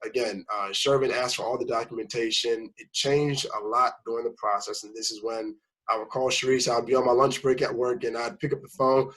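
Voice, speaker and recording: A man appears as a guest, chatting casually about buying his first home and rambling through the story while imitating the people he quotes. His mid-range voice is brisk, steady, and a bit bright, captured in a low-quality recording.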